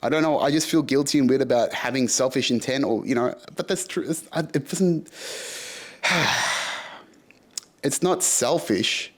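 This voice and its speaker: A man's voice: medium pitch, measured pace, long pauses. Young man, frank vlog talk, swears a lot, rambles and restarts. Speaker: podcast host. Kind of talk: casual personal vlog monologue.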